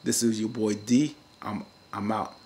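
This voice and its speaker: A man's voice: fairly even intonation, unhurried. Slangy man rambling through a recap. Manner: bursts into loud, high-pitched rants. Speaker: TV recap vlogger. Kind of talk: casual episode recap.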